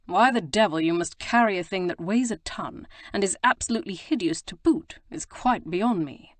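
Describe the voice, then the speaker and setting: A woman's voice: medium pitch, moderate pace, dry recording, lightly acted. A woman voicing a roguish young Regency lord who teases in a drawling, mock-innocent way. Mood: aggrieved.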